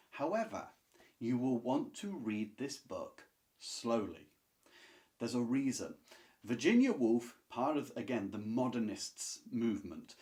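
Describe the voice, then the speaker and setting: A man's voice: mid-range voice, darkish tone. A man reviewing classic books to camera in a casual, enthusiastic, chatty way, with asides and restarts. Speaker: book reviewer.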